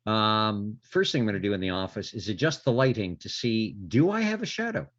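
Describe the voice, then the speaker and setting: A man's voice: on the low side, animated, brisk, a bit bright. A man playing a tabletop game, playful and humming to himself as he talks. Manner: playful, hums and sings to himself. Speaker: player. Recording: dull lo-fi stream audio.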